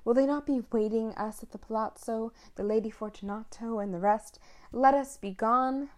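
A woman voicing a drunken male nobleman, walled in and laughing nervously in a raised, loud voice. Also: normal speed, natural voice. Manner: forced laughter, high and loud.

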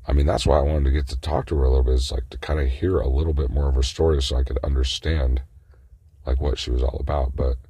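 A man's voice: very deep voice, warm tone, breathy edge, no room sound. A man in a casual monologue, telling about a meeting in a profane, agitated rant.

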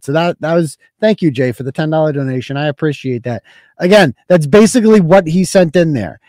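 A man's voice: fairly high pitch, lively intonation, a little fast, dark tone, dry recording. A man hosting a livestream podcast, talking casually, blunt and profane, grilling a caller. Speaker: podcast host.

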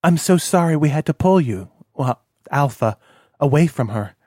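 Man playing an older mother, soft, tender, slightly raised voice, dry recording. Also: on the high side, lively intonation, normal speed, dry recording. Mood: gentle. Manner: soft, tender, gentle questioning. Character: older mother, gentle and loving.

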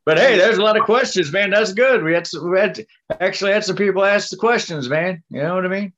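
A man, co-hosting a podcast in a relaxed, casual way, often adding "man" and "you know what I mean.". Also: sits high, fast talker. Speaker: podcast co-host. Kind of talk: casual chat. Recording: dull lo-fi audio.

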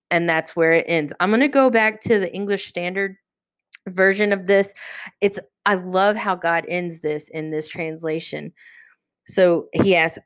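A woman hosting a podcast, teaching a casual Bible study in a lively, chatty way and acting out the characters. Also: lowish voice, unhurried, dry recording, studio quality. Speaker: podcast host.

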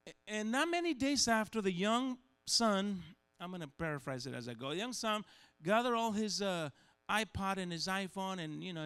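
A man preaching a sermon, animated and humorous, acting out little scenes and voices as he goes. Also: fairly high pitch, clean tone. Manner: animated, acts out voices and dialogue, humorous asides.

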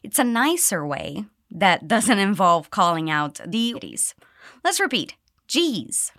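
Here an English teacher, a woman, conducts a pronunciation lesson of repeat drills. Her voice has a lively melodic rise and fall, and she gives each phrase with deliberate clarity for echoing back. The sound is dry and close, free of room reflections.

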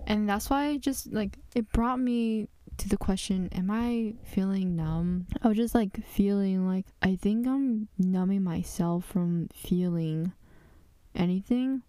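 A woman's voice: medium pitch, normal speed, dark tone, no echo. A woman hosting a podcast from her closet, speaking openly in a confessional way with many fillers. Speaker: podcast host. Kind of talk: candid personal podcast monologue.

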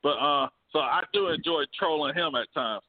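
A man co-hosting a casual sports debate, animated and slangy, laughing often. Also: a little high, moderate pace. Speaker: podcast co-host. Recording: phone-like remote call audio.

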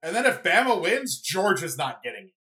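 A young adult hosts a solo sports podcast, speaking off the cuff at a mid-range pitch and a brisk pace. The talk is loose and rambling, full of fillers and restarts, and keeps veering into excited asides.

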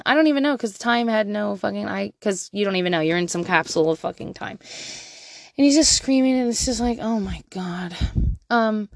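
A woman in her thirties, a mother giving frank, profane parenting advice in a candid monologue. She laughs often and swings from quiet asides to loud bursts. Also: fairly high pitch, no echo, studio quality.

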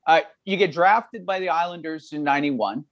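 Relaxed male podcast host asking questions. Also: on the high side, normal speed, muffled recording. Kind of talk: casual interview.

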